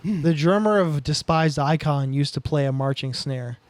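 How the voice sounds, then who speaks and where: A man co-hosting a podcast, chatting casually and tossing in quick remarks and drum gear details. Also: a little high. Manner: quick interjections, gearhead detail on drums. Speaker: podcast co-host. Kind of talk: casual chat.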